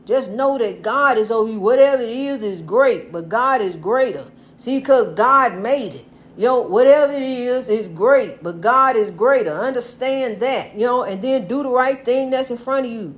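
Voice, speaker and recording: A woman's voice: a little high, moderate pace, hardly any pauses. An older woman, a grandmother, giving casual inspirational advice about God in a folksy, repetitive way, calling the listener honey. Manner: preachy, God-centered encouragement.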